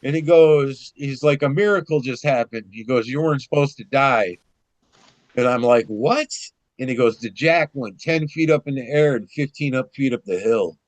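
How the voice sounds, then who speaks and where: A man telling personal stories in a casual conversation, rambling and animated, with frequent restarts and some swearing. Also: mid-range voice, moderate pace, no echo. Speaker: guest.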